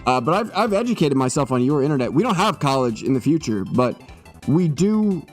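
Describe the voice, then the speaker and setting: A young male streamer with a raised, lively voice that swings up and down constantly. He jokes and swears through a mock-serious spiel. He sounds a little tipsy, with faint music behind him. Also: on the high side, brisk. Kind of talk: comedic live-stream monologue.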